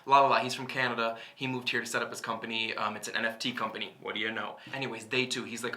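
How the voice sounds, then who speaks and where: A man's voice: medium pitch, fairly even intonation, fast, bright, forceful tone. A man in his thirties talking casually to camera in a travel vlog, chatty and sarcastic, swearing and laughing often. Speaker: travel vlogger. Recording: music playing over the voice.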